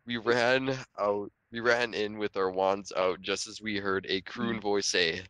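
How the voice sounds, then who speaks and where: Slow, low-voiced young man reading aloud. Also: fairly even intonation, a bit bright, clean tone, no echo. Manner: unhurried, breaks into laughter at the text. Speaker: reader. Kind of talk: reading a story aloud to friends.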